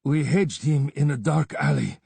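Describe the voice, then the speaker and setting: A man's voice: a little high, normal speed, vocal fry, warm tone, husky, no room sound, pitched above the performer's own voice, heavily acted. A man reading aloud and voicing a wounded tribesman who babbles his report in a fearful, panting rush. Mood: frantic.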